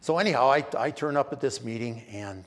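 A man's voice: medium pitch, fairly quick, big-room sound. A middle-aged man telling his own story candidly, with wry, self-mocking humor and frequent restarts. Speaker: speaker sharing his recovery story. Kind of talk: personal testimony.

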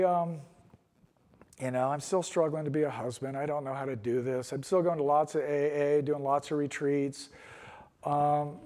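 A middle-aged man tells his own recovery story in a somewhat high, light voice. He rambles candidly and drops wry jokes at his own expense. The sound carries a long hall echo. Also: darkish tone. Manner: candid, rambling, with wry self-deprecating asides. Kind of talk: personal testimony at a recovery meeting. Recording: long echoey hall reverb.

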